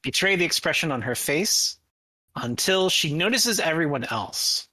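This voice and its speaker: A woman running a tabletop game as game master, describing the scene and prompting players. Her voice is bright and forceful, recorded dry and close. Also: low-pitched, animated, measured pace, no echo.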